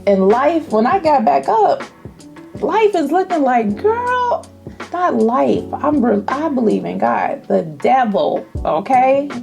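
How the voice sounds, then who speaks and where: A woman vlogging about perfume in a casual, animated way, testifying and calling her viewers y'all. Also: high-pitched, a little slow, gravelly, music in the background. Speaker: fragrance vlogger. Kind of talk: casual chat to camera.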